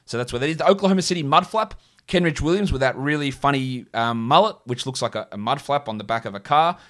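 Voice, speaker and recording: An Australian man hosts a casual solo podcast, rambling, joking, and thinking aloud with lots of fillers. His voice is medium-pitched, fairly bright, fast, and animated.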